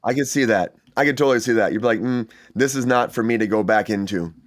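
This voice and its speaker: A man's voice: medium pitch, fast talker. A man hosting a casual entertainment news chat, talking in a chatty, enthusiastic way with many fillers and asides. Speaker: host.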